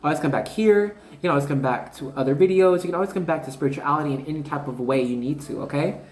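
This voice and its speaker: A woman's voice: low voice, fast, darkish tone. Rambling slangy woman in a roomy room. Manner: rambling, slangy, enthusiastic, keeps addressing "you guys". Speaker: spiritual card reader. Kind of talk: casual channeled reading to viewers. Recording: roomy echo.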